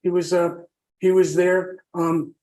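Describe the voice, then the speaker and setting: A man's voice: sits high, little pitch movement, takes it slowly, darkish tone, low-quality recording. A man telling his own story on a podcast as a guest, rambling and heartfelt, with many fillers and restarts.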